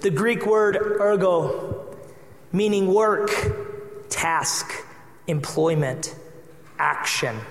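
A man preaching a sermon as pastor, telling a personal story with lively acted-out dialogue. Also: high voice, extremely slow, pauses often, a little hiss or hum. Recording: echoey hall with long reverb.

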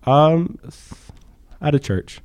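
Young texan guy on a podcast, halting and hesitant, dry close sound. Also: a little high, animated, a little mellow, no echo. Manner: hesitant, many fillers and restarts. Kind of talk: casual chat.

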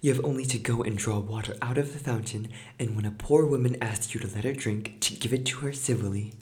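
A man voicing a greedy, scolding mother of two girls, with a shrill, excitable voice. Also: fairly quick, natural voice. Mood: excited, shrill.

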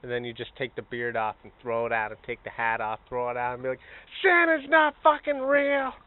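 A man co-hosting a podcast, joking crudely in casual banter and bursting into shouted bits. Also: medium pitch, level tone, quick pace, clear, resonant tone, no echo. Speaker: podcast co-host. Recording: phone-like narrow sound.

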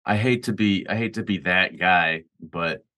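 Bright-toned man, rambling casual chat. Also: low voice, normal speed, no room sound, studio quality. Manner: rambling, lots of fillers and restarts.

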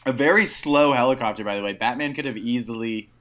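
A man's voice: mid-range voice, fast. A man co-hosting a podcast, chatting casually about a movie, swearing and laughing a lot. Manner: profane, animated, laughing often. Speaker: podcast co-host.

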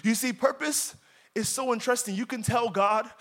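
High-voiced man preaching a sermon. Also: moderate pace. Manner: dramatic, swings from loud emphasis to quiet asides. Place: church.

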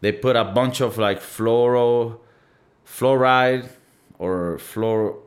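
A young man hosting his own podcast, talking casually in a rambling, profane, animated way. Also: medium pitch, takes it slowly. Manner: animated, profane, rambling with playful mock-singing. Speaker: podcast host. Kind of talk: casual solo podcast rant.

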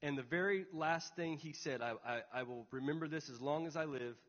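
Young pastor, earnest storyteller, slightly high voice, dull recording with long hall echo. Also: male voice, fairly quick, a bit bright. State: tearful. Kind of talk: sermon.

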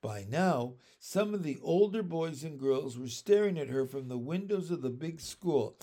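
A man narrating a children's book aloud in a measured, expressive storytelling manner. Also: on the high side.

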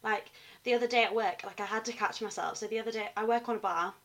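A woman's voice: a little high, steady tone, quick pace. Young uni student podcasting, chatty, reads her notes out. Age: young adult. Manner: chatty, reading notes when narrating. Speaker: podcast co-host. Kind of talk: casual chat.

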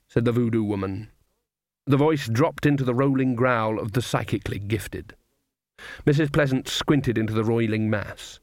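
A man narrating an audiobook in measured storytelling. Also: mid-range voice, a little mellow, no echo, studio quality. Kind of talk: scripted narration.

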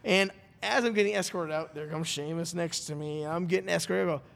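A man's voice: a little high, brisk, creaky. Sex: man. Role: podcast host. Style: rambling storytelling. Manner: rambling, animated, quotes people in dialogue. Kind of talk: casual storytelling chat. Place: studio.

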